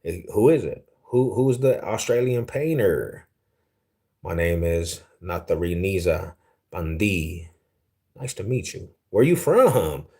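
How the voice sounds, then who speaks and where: Laid-back young man, low voice. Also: sing-song, slow, warm tone. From Denver, Colorado, US. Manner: laid-back, slangy, easily amused. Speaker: livestream host. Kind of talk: casual livestream chat reading viewer comments.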